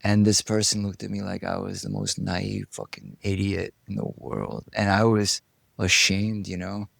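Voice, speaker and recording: A man being interviewed, telling stories from his life in a casual, animated way, acting out what people said and swearing now and then. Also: low-pitched, normal speed, no echo. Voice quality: gravelly. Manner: animated storyteller, acts out quotes, swears. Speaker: interview guest. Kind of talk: casual storytelling.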